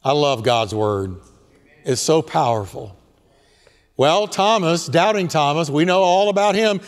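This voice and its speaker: Male pastor, high voice, hammers points by repetition, long church reverb. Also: animated, unhurried. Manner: emphatic, repetitive preaching. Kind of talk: sermon.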